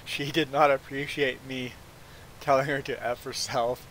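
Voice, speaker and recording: Man streaming a farming game, casual storyteller, stammers, mid-pitched voice, faint noise behind. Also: measured pace, low-quality recording. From Belize. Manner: animated, stammers on repeated "I"s, acts out the people he quotes.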